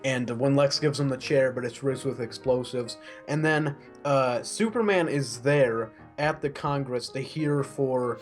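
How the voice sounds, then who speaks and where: A man's voice: mid-range voice, measured pace, few pauses, soft background music. A man co-hosting a casual movie review, rambling with lots of fillers and restarts. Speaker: co-host.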